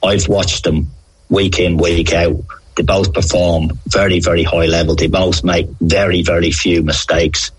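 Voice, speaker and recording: A middle-aged man, a former referee telling animated anecdotes in an interview. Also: deep voice, a little slow, slight background noise, low-quality recording. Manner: animated anecdotes, acts out quoted players. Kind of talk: conversational interview storytelling.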